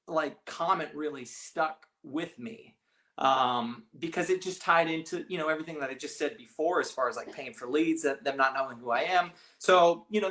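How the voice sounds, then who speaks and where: A man's voice: on the high side, a bit bright. A man, a real estate agent, talking casually in an interview, rambling with many restarts and fillers. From California, raised partly abroad.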